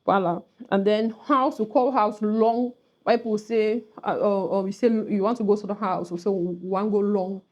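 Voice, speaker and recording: A woman with a Cameroonian accent hosts a casual vlog lesson on pidgin. Her voice is mellow and relaxed at a middling pitch, and she playfully acts out each example phrase as she goes. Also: moderate pace, muffled recording. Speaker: content creator teaching Cameroonian pidgin.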